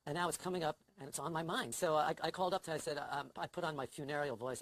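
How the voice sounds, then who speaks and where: Wry, fast-talking older man. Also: fairly high pitch, fairly bright tone, rough recording. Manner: wry, self-deprecating, anxious storyteller. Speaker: interview guest, comedy writer. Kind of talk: casual conversation.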